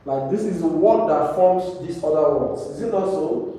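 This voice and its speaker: Male classroom teacher, fairly high voice, drills words, far from the mic with faint noise. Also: animated, moderate pace, dark tone, heavy reverb. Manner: repetitive, checks understanding with "right?". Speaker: English teacher. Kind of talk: classroom lesson.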